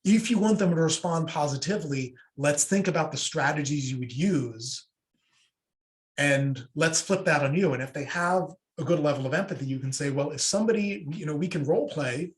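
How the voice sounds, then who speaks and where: A man presenting an online workshop in a relaxed, conversational way, answering questions from the chat and acting out short sample dialogues. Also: fairly high pitch, normal speed. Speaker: webinar presenter. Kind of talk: casual online workshop talk.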